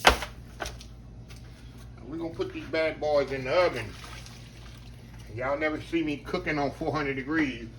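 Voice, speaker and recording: A man's voice: mid-range voice, slight background noise. A man with a Southern country accent, chatting folksily through a home kitchen cooking demonstration and calling his viewers y'all.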